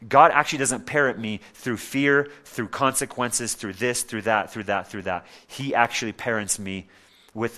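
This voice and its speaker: A man's voice: on the low side, fairly bright tone. A man preaching a sermon as a pastor, emphatic and repetitive, asking the crowd rhetorical questions.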